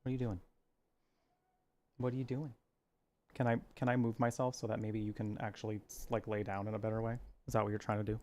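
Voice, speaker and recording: A man's voice: on the low side, flat delivery, quick pace, long pauses, darkish tone. A man from Arizona chatting casually while he plays a game, rambling and cooing at his cat now and then. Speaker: gaming streamer.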